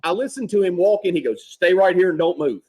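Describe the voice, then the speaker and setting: A man, a former Marine sergeant, telling profane, animated stories from his service days. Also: sits high, quick pace, rough recording. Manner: profane, animated war storytelling. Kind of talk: casual storytelling.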